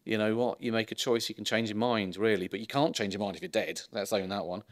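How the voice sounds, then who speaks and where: A middle-aged man lectures like a doctor swapping stories with colleagues. His voice sits on the low side, and he drifts through anecdotes with dry, ironic asides and plenty of ums between thoughts. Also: fairly even intonation, quick pace. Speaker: consultant geriatrician giving a public lecture. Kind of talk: informal public lecture.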